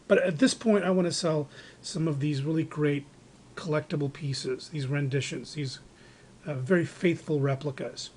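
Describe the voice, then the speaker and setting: A man with a fairly high, slightly mellow voice rambles while showing off his collection, using lots of fillers and restarts. It's casual show-and-tell narration picked up on a handheld camera microphone.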